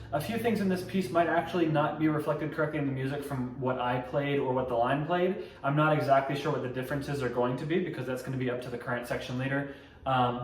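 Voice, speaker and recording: A young man casually teaching drumline parts step by step, scatting rhythms as he explains. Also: mid-range voice. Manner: relaxed, explains step by step, scats drum rhythms. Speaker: drumline instructor. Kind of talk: casual instructional tutorial. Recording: echoey room, mic at a distance, loud noise.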